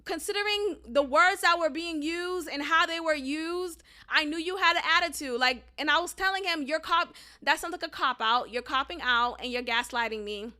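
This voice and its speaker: High bright-voiced woman podcaster, casual and emphatic, says y'all a lot, swears some. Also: normal speed, hardly any pauses. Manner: emphatic, animated, profane, addresses listeners as y'all. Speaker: podcast host. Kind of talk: casual storytelling monologue.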